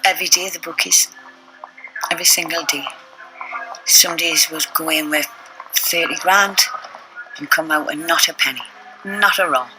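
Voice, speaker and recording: A woman's voice: low voice, normal speed, pauses often, noisy background. An older woman, telling stories casually in an interview and acting out the quotes. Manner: chatty, acts out quotes in the story. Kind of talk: casual storytelling.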